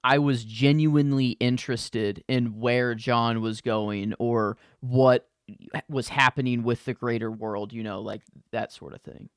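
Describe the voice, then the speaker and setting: A man's voice: medium pitch, fairly even intonation, measured pace, clean tone, dry recording, studio quality. A man co-hosting a podcast, chatting casually about a movie in a rambling way, full of "like" and quoted bits of dialogue. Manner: rambling, many likes, acts out quoted lines. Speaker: podcast co-host. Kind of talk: casual movie review chat.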